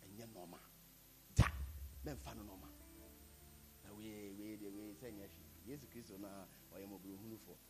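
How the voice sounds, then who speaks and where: A man with a Ghanaian accent preaching a sermon, building up to shouted lines. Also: fairly low pitch, fairly even intonation, normal speed, long pauses, poor audio. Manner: preaching, switching between Twi and English, rising to shouts. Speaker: pastor. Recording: with loud music behind.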